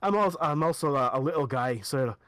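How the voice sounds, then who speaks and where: A man doing a quiet, halting dwarf. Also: fairly high pitch, lively intonation, no room sound. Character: quiet male dwarf excavator.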